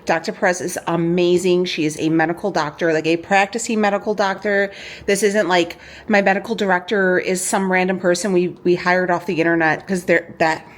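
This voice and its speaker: A woman's voice: on the low side, little pitch movement, brisk. A woman vlogging casually, showing a shopping haul and ranting in a chatty way with lots of "okay?" asides. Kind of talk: casual chat.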